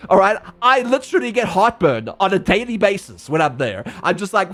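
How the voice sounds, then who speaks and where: A young man with a South African accent chats on a game stream, his voice fairly high and swinging widely in pitch. He rants, swears and laughs freely. Soft music plays underneath. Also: normal speed. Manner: animated, profane, laughing rants. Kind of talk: casual livestream chat.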